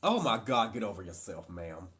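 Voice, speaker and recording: A playful father chats on a casual live stream, teasing gently and joking along. He keeps speaking straight to his viewers, calling them "y'all". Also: on the low side.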